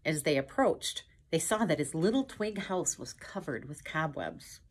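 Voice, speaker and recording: A woman's voice: sits low, lively intonation, unhurried, breathy edge. A woman hosting a children's story time, reading a picture book aloud with chatty asides to young viewers. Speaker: storyteller host.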